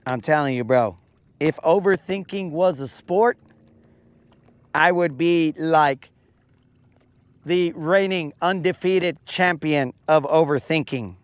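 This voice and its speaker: A man's voice: fairly high pitch, slow, pauses often, clean tone, no room sound. A man hosting a live fishing stream from a boat on a lake, chatting casually with his viewers in a rambling, jokey, self-mocking way. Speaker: fishing livestream host.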